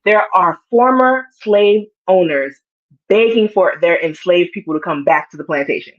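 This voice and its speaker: An animated woman talks through a TV episode with a friend, jumping into exaggerated voices to replay the scenes. Her audio is a little dull and lo-fi. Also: lowish voice, moderate pace. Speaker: show co-host. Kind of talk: casual TV recap chat.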